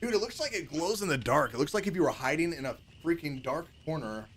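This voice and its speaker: A man with a fairly high voice rambles through live gameplay commentary, swearing freely and getting worked up at his team. A steady hiss of background noise sits under the whole stream. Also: quick pace. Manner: excitable, profane, rambling banter. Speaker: livestreamer.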